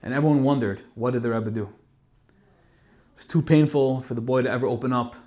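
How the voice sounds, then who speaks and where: A man telling an emotional story in a Torah talk, moving between loud emphasis and hushed tones. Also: medium pitch, moderate pace. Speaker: speaker giving a Torah talk.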